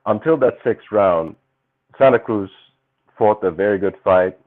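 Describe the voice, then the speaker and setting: A man co-hosting a live boxing stream, speaking in a measured, hesitant way. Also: fairly low pitch, narrow, tinny audio. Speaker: co-host. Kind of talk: casual live-stream chat.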